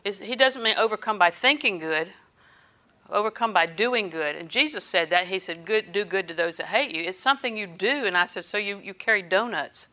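A woman's voice: mid-range voice, a little fast, sharp tone. An older woman minister preaching a sermon, telling personal stories with quoted dialogue and occasional laughter.

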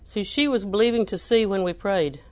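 Animated woman preacher. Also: mid-range voice, fairly quick. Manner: animated, rising to near-shouting emphasis. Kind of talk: sermon.

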